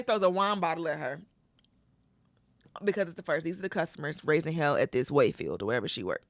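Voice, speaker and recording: A woman's voice: deep voice, fast, dry recording. A woman co-hosting a comedy podcast, casually retelling a movie plot with lots of cursing and acted-out quotes. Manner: animated, profane storytelling with acted quotes. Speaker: podcast co-host.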